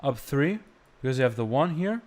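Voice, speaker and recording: A young man teaching chant on a live stream, explaining slowly and breaking into short sung phrases. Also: mid-range voice, very animated, darkish tone. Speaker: music teacher.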